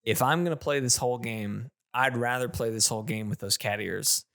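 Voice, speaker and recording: A man co-hosting a casual gaming podcast, talking in an animated, ranting way with lots of restarts. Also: medium pitch, a little fast, gravelly. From not British. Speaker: podcast co-host.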